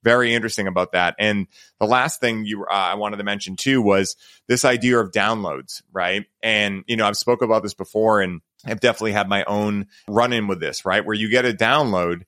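A man's voice: fairly low pitch, a little fast, hardly any pauses, bright, forceful tone, no room sound. A man hosting a podcast, telling stories in a rambling, casual way and leaning on filler words. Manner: rambling, heavy use of "like" and "right?". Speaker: podcast host.

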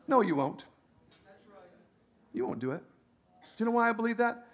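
A male pastor delivering a sermon in a high, lively voice. He swings between loud, emphatic lines and quiet asides, and often restarts his sentences. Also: normal speed, long pauses.

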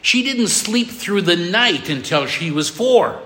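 A middle-aged man, a pastor preaching a sermon with emphatic repetition and soft drops for tender moments. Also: high voice, lively intonation, slow pace. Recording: long hall reverb.

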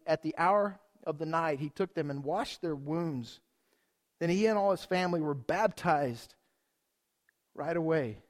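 Preaching to his congregation, this pastor speaks in a high voice during a church sermon. He keeps it lively and conversational, constantly asking the listeners rhetorical questions.

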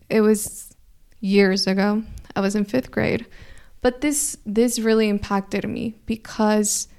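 Brief: young woman, slight Mexican Spanish accent, higher-pitched, smooth clear voice, earnest motivational storyteller. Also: a little mellow. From California. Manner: earnest, thoughtful, frequent restarts. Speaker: speaker.

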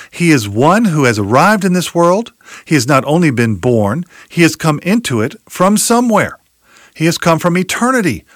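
Emphatic preacher with lively pitch. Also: male voice, dry recording, clean studio sound. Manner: emphatic, rhetorical questions, quotes scripture. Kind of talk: expository sermon.

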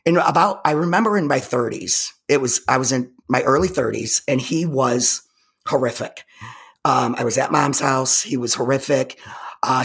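A woman's voice: extremely low pitch, gravelly, breathy edge. A woman telling a personal story as an interview guest, emphatic and intense, often stopping to restart her words. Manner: halting, with frequent repeated restarts.

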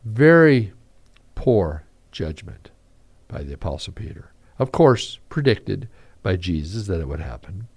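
A man preaching a radio devotional, reading scripture aloud and acting out the quotes with animated emphasis. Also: low-pitched, a little slow, gravelly, slightly rough. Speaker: radio pastor.

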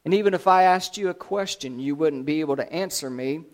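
A man speaking as a calm Jesus on trial. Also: fairly high pitch, fairly quick, natural voice.

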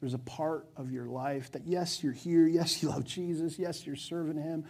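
A man with a high voice preaching a sermon in a church. He talks with fervour, rising to loud, driven stretches and then dropping to a hushed, quiet delivery. He takes the role of a pastor addressing his congregation. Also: steady tone, normal speed. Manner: passionate, swings from loud to hushed.

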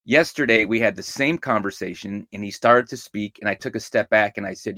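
A man's voice: lowish voice, brisk, pushed and bright, no room sound, clean studio sound. A middle-aged man hosting a podcast, telling stories in an upbeat, casual way. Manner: upbeat, storytelling. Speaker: podcast host.

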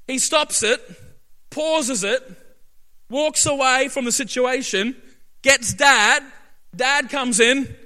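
A man preaching a sermon as pastor, emphatic, asking "right?" again and again and building up to shouting. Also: very high voice, measured pace, pauses often. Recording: long reverb of a large hall.

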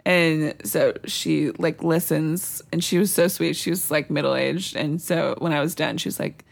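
A woman's voice: sits low, steady tone, measured pace, vocal fry, few pauses. A young woman co-hosting a podcast, telling a personal story in a rambling, chatty way with frequent laughter. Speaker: podcast co-host. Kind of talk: casual storytelling.

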